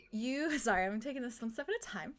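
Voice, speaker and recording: A woman's voice: on the high side, a bit bright. Woman narrating a tabletop game. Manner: halting, full of "kind of" and "like". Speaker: game master.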